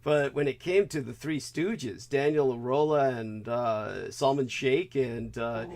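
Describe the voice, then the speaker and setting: A man hosting an online talk show, chatting in a loose, rambling way. His voice sits at an ordinary middle pitch. He stops and restarts often and fills gaps with "uh" and "you know". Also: measured pace, gravelly, darkish tone. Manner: rambling, many fillers and restarts. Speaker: host. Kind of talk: casual talk-show chat.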